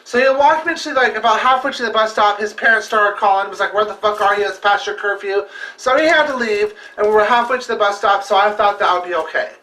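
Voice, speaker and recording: A man's voice: sits high, fast talker, few pauses, sharp tone. A man vlogging, telling a personal story in a casual, heavily profane, emphatic and rambling way. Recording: echoey room, distant mic.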